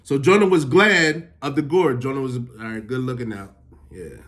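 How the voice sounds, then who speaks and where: A man's voice: mid-range voice, normal speed, fairly bright tone. A man reading Bible verses aloud and retelling them in casual, slangy everyday talk. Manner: reads verses, then paraphrases them in slangy street talk. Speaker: Bible teacher. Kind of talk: casual scripture teaching.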